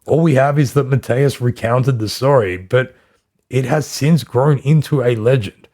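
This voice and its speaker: A male podcast host narrates history from a script in a voice of ordinary pitch. He delivers it steadily and adds dry, wry comments along the way. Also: unhurried, dark tone.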